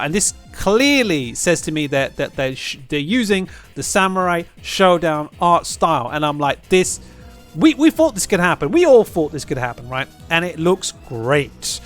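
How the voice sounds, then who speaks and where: Male gaming vlogger, higher voice, very lively pitch, rambling and excitable, faint music behind. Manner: excitable, rambling, repeats himself, spikes high when hyped. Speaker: gaming channel host. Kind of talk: casual video commentary.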